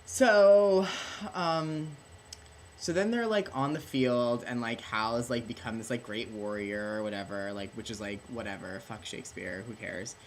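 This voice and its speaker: A man's voice: lowish voice, steady tone, normal speed, hardly any pauses, a little hiss or hum. Tipsy young man, rambling and swearing. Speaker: host. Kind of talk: drunk comedic plot retelling. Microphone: camera at close range.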